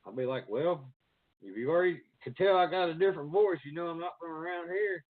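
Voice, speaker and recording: A man's voice: on the high side, a little fast, no room sound. Swearing Virginia man with a country drawl. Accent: Southern Appalachian. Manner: laughs often, swears freely. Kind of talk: casual chat. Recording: tinny phone-like line, dry.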